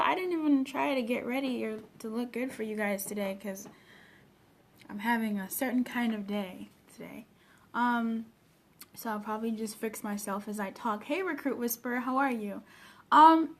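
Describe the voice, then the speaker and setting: A woman's voice: high-pitched, fairly bright tone. A woman, a personal development coach, chatting casually on a live phone stream and stopping often to greet viewers by name.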